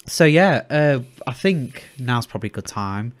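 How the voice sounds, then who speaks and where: A man's voice: medium pitch, animated, normal speed. A young man, co-hosting a casual chat podcast and rambling with many restarts. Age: young adult. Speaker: podcast co-host.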